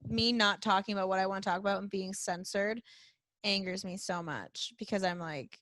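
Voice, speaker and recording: A woman's voice: medium pitch, moderate pace, fairly bright tone, no echo. Frank young woman chatting on a podcast. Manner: chatty, frank, lots of "like" fillers. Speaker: podcast guest, comedian. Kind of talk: casual chat.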